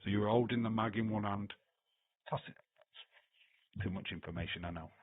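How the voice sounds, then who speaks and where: Husky man on a lo-fi stream. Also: fairly low pitch, steady tone, very fast, dry recording. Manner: joking, teasing, laughs often. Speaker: livestream host. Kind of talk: live watch-along chat, reading comments aloud. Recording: dry, phone-like lo-fi sound.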